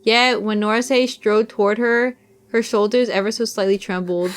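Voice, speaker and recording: A woman's voice: medium pitch, fairly even intonation, normal speed. A young woman streamer reading a visual novel aloud, with casual, self-deprecating asides.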